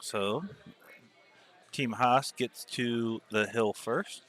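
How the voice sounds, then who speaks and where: A man's voice: medium pitch, fairly even intonation, extremely slow, a bit bright. Joking male pool commentator. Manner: joking, laughs often, chatty. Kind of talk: casual live commentary.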